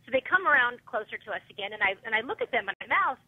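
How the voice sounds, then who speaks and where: A woman on a tinny phone line, her voice a little high and husky. She tells her story in an animated, upset rush, full of fillers. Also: racing. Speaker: guest caller, parent of a fan. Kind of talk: phone interview, telling a story. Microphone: telephone.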